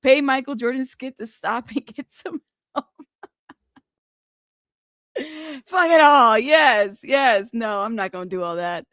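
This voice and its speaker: A woman's voice: sits high, slow pace, pauses often, a bit bright, dry recording, clean studio sound. A woman hosting a live stream, chatting casually, reading viewer comments aloud, laughing, and swearing as she reacts.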